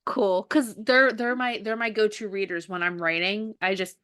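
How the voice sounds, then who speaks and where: A woman hosting a casual book podcast, talking in a lively, chatty way. She tells stories with energy, slipping into quoted dialogue as she goes. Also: medium pitch, moderate pace, clear, resonant tone. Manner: animated storyteller who acts out dialogue. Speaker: podcast host and author. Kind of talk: casual chat.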